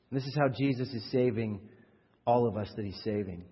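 A man's voice: mid-range voice, a little fast, breathy edge. A man preaching a sermon in a conversational style, asking rhetorical questions and growing more fervent. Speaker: pastor. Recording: dull audio with long hall reverb.

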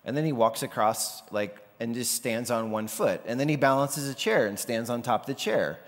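A man's voice: mid-range voice, moderate pace. A man preaching a sermon in a loose, conversational way, sometimes acting out the people he quotes. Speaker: pastor. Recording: long hall reverb.

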